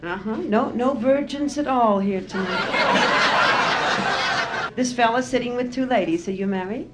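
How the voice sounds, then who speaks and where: A woman's voice: on the high side, measured pace, heavy background noise. A middle-aged woman doing a brassy, teasing stand-up routine, chatting with her audience. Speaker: stand-up comedian. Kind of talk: live bawdy stand-up routine. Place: nightclub stage with a laughing crowd. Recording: roomy live club recording, audience laughter.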